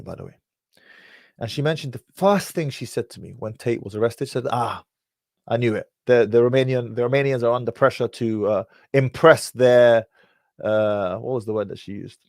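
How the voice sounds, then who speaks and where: A man's voice: medium pitch, creaky, dry recording. A British man hosting a casual livestream and telling loose, rambling stories in street slang. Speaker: livestream host.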